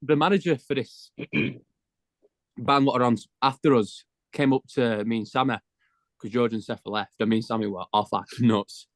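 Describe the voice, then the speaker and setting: A teenage band member chats and tells stories in slangy, casual speech. His voice is mid-pitched and comes across close and dry, with no room echo. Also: normal speed. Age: teens. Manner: chatty storyteller, slangy. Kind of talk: casual interview chat.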